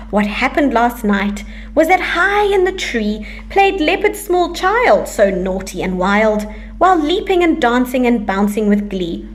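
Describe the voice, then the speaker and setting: A woman reading a rhyming picture book aloud to children, with a lively, sing-song delivery. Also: fairly high pitch, unhurried, slight background noise. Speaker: storyteller for children.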